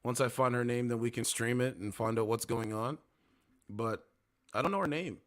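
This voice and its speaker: A man's voice: mid-range voice, moderate pace, a bit bright. A man hosting a casual livestream, reacting to clips with incredulous, mocking commentary and talking to his viewers. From Canada. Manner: incredulous, mocking, talks to chat. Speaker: livestream host.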